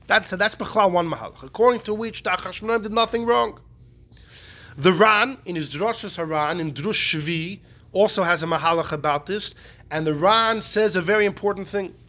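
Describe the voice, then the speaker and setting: Guy teaching a torah class, high voice, gets animated, says things twice. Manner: animated, repeats key points, answers student interruptions. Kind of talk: Talmudic lecture.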